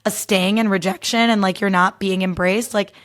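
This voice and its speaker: Young woman, podcast host, casual solo chat, candid, says "like" constantly, mid-pitched voice. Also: fairly even intonation, normal speed. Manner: chatty and candid, heavy use of "like".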